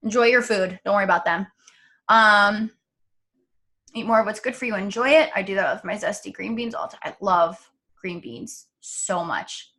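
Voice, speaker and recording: A woman's voice: medium pitch, moderate pace. A woman vlogger chatting casually, telling stories animatedly with lots of "um" and "like". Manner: chatty, animated storytelling with frequent fillers. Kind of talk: casual chat.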